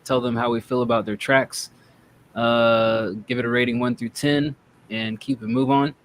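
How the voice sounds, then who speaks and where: A man's voice: medium pitch, little pitch movement, moderate pace, slight background noise. A man hosting a casual chat show, rambling and joking as he talks. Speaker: podcast host. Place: North Texas.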